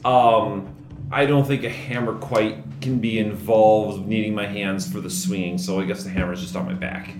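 A man's voice: fairly low pitch, steady tone, normal speed, over music. A man playing a tabletop game, planning his move aloud with hesitant fillers. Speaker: player. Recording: echoey room with background noise.

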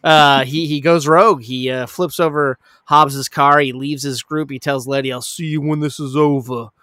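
A man casually retelling a movie plot in a rambling, profane way, with lots of fillers and quick laughs. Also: fairly high pitch, steady tone, fairly bright tone, no room sound, studio quality.

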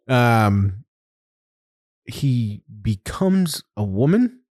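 Hosting a podcast, a man tells a story in casual conversation, laughing often and keeping the telling animated. His voice is mid-range and he speaks extremely slowly.

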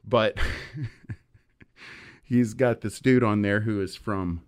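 A man's voice: lowish voice, unhurried, a little mellow. Rambling man telling a story. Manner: rambling storytelling with many fillers. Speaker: podcast host. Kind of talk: casual chat.

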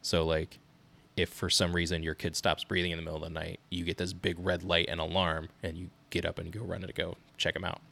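A man in his thirties co-hosts a casual parenting podcast. His voice sits very low. He tells stories in an animated way, often breaking into laughter. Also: a little fast, gravelly, few pauses. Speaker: podcast co-host. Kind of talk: casual chat.

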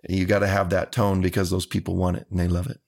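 Deep flat gravelly guy, folksy and earnest, talking about his music. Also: fast talker. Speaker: country musician. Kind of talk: interview answers.

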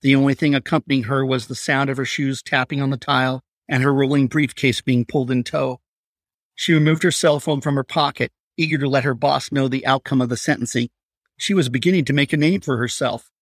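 Male narrator for a dark crime tale, measured and steady, dry close sound. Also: medium pitch, dry recording. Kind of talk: scripted story narration.

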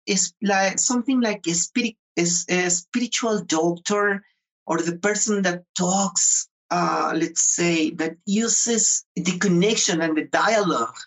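A man from the Mayan highlands, an author being interviewed, speaking earnestly with frequent restarts and repeated words. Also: a bit bright, rough recording. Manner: earnest, halting, with many restarts. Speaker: author and guest. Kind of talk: interview conversation.

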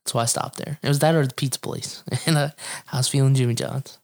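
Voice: medium pitch, steady tone, fast talker, vocal fry, a little mellow. A person chatting with a friend, teasing him and telling a story in a profane, laughing way. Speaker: friend in conversation. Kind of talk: casual chat.

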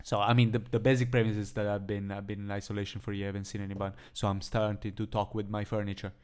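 A man's voice: lowish voice, flat delivery, fast, darkish tone, clean tone. A man co-hosting a podcast, telling a story in casual chat, rambling with restarts, swearing and laughing. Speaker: podcast co-host.

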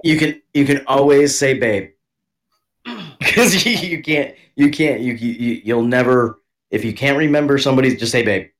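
Halting, laughing man in crude banter. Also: medium pitch, animated. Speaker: podcast co-host.

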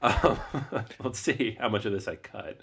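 A man's voice: on the low side, measured pace, creaky, slightly rough. A man in his thirties from Seattle hosting a casual board game podcast, laughing easily and wandering into asides. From Seattle, US Pacific Northwest. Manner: relaxed, laughs often, rambling asides. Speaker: podcast host. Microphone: remote call recording.

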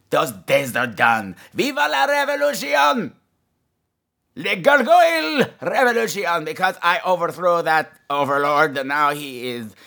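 A man voicing a gleeful, vicious male gargoyle on a comedy podcast, gloating and swinging between shrill squeals and low growls. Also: sharp tone. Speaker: podcast host. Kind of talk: comedy podcast character monologue.

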